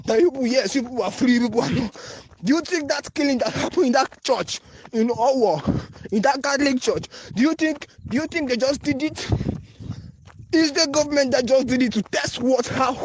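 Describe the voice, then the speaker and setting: An anonymous man with a Nigerian English accent records a phone voice note, making an urgent, repetitive, pleading appeal. His voice is very high and brisk, with slight background noise.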